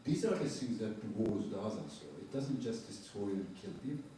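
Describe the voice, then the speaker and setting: An older photojournalist telling war stories to a lecture audience, in halting phrasing, raising his voice when quoting people. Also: lowish voice, expressive, dark tone, slight background noise. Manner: earnest, halting non-native phrasing, quoting dialogue in a raised voice. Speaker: photojournalist giving a talk. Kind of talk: storytelling lecture with slides. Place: university lecture hall. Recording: roomy distant hall recording.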